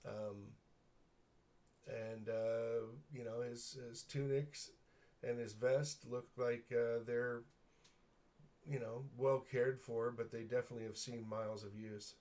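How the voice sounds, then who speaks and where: A man narrating a tabletop game as game master, describing scenes with many pauses and fillers. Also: mid-range voice, flat delivery, a little mellow.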